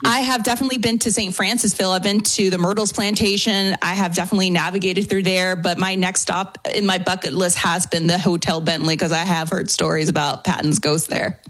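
A woman from New Orleans, a paranormal investigator, answering radio questions in a lively way. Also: on the low side, dry recording. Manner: lively, quick to laugh.

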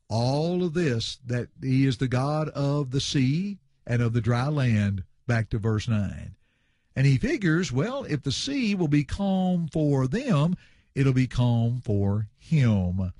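There's no room sound and a clean studio quality as a medium-pitched man preaches, unpacking scripture verse by verse. Animated and forceful, he keeps returning to his refrains and refers to listeners as friends.

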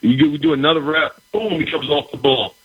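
Man, middle-aged, husky, dry, former football player, storytelling. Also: fairly high pitch, quick pace, no echo, dull audio. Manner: animated, repeats words, acts out quoted dialogue. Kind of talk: casual storytelling.

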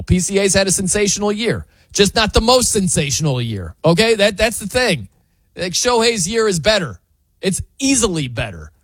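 A man's voice: high-pitched, dry recording. A man hosting a sports talk show, ranting in disbelief as he argues his opinions. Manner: animated, incredulous ranting.

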